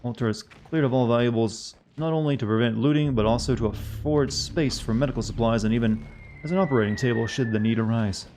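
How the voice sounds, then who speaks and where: A man streaming a game live, moving between reading on-screen text aloud and chatting loosely with his viewers. His voice sits at an ordinary middle pitch. A faint hum of background noise sits under it. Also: a little fast, a little mellow. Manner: casual chat with viewers. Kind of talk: live-streamed gameplay commentary.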